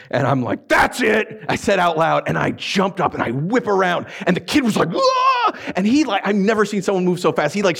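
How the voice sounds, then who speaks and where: A man preaching a sermon, telling stories in an animated way, acting out voices and laughing often. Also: high-pitched, gravelly. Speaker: pastor.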